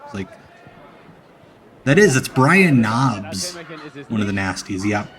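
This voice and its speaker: A man's voice: fairly low pitch, sing-song, takes it slowly, a bit bright. A young man hosting a live watch-along stream, joking and enthusing about the match. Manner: jokey, enthusiastic banter. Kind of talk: casual watch-along commentary.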